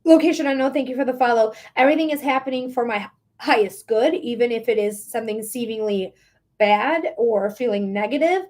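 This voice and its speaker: This is a woman giving a tarot reading on a live stream. Her voice sits a bit on the high side, and she talks in a loose, chatty way. She is frank and swears casually mid-reading. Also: brisk, a little mellow. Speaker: tarot reader.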